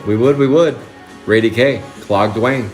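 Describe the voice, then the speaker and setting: A man hosting a live trading card break, chatting excitably and calling out card names. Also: mid-range voice, measured pace, soft background music.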